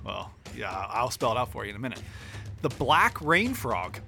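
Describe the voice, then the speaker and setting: A man's voice: medium pitch, very animated, moderate pace, gravelly, pushed and bright, faint music behind. A man co-hosting a podcast in casual chat, often laughing through his lines. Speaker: podcast co-host.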